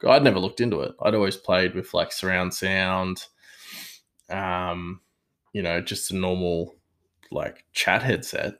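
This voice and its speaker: A young man talks casually about video games in a somewhat low voice. He rambles and drifts off topic, pokes fun at himself, and keeps the tone easy and conversational. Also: fairly even intonation, a little slow, a bit bright. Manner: rambling, digressive, self-deprecating. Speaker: gaming vlogger. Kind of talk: casual chat.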